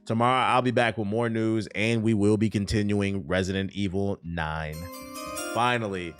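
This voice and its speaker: A man streaming live, giving casual, profane, animated commentary on news, his voice a bit tired. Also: on the low side, moderate pace, over music.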